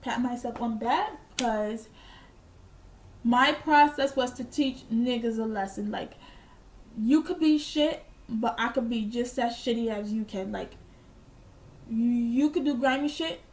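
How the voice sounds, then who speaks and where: A young woman with a fairly high voice tells a storytime to her camera. She is blunt and profane, and proudly petty as she talks. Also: measured pace. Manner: boastfully petty. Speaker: vlogger. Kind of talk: casual storytime.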